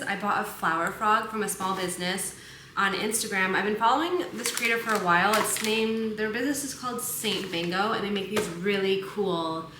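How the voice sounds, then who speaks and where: A woman's voice: medium pitch, roomy sound, background noise. A young woman vlogging casually about decorating her apartment, chatty and enthusiastic as she thinks aloud. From United States. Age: young adult. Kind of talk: casual vlog narration.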